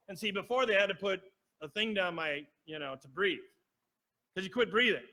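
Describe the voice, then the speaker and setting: Bright, high-voiced man preaching conversationally. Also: brisk. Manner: storytelling, acts out quoted voices, asks the congregation. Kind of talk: conversational sermon. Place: church sanctuary.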